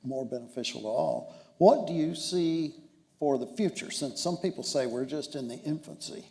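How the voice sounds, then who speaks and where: A man interviewing a judge on stage at a dinner, asking measured questions with a wry edge. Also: a little high, creaky, dark tone. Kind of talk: onstage interview at a dinner event. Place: hotel banquet room.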